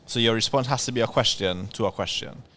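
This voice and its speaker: A man's voice: fairly low pitch, fast talker, fairly bright tone. A man co-hosting a podcast, jokingly explaining the rules of an icebreaker game. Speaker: podcast co-host running the icebreaker. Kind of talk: casual chat.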